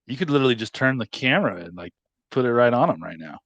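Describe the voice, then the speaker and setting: A man's voice: mid-range voice, sing-song, quick pace, a bit bright, no room sound. A man from California, a podcast guest in casual chat, laid-back and joking. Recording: dull lo-fi call audio.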